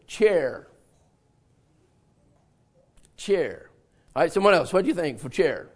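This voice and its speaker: A man's voice: on the high side, very animated, slow. An older man preaching a sermon, drawing answers from his congregation, repeating them back and telling homey stories with a laugh. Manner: folksy storytelling with laughs. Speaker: pastor.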